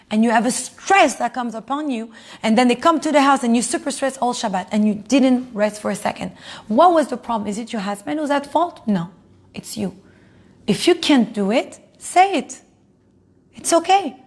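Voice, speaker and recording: Mulher animada ensinando uma turma, com sotaque israelense, voz aguda. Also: female voice, moderate pace. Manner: animated, acts out quoted spouses in higher voices, laughs often. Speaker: Torah class teacher. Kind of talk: lively class talk to a live audience.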